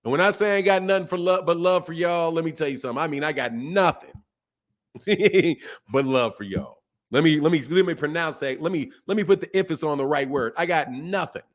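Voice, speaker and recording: A man hosting a boxing talk stream, speaking bluntly and casually, repeating points for emphasis and reading from a live chat. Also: fairly high pitch. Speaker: boxing channel host. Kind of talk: casual livestream commentary.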